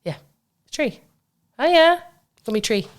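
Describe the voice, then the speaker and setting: Animated woman, laughing a lot. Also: sits high, unhurried. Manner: animated, laughs often, gasps at stories. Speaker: podcast co-host. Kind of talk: casual chat.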